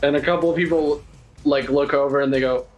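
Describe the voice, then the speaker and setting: A man's voice: fairly high pitch, steady tone, fairly quick, soft background music. A man narrating as game master in a casual, joking way with swearing and laughter.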